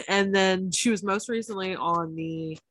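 A woman podcast co-host in casual chat, talking fast with swearing and animated asides. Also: medium pitch, dry recording. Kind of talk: casual chat about reality TV.

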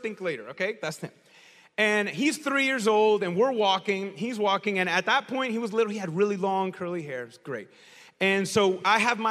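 A bright, high-voiced male pastor preaching with lively storytelling energy and bursts of shouting. His voice rings out with a long hall reverb around it. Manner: animated storytelling, shouts in places. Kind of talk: sermon.

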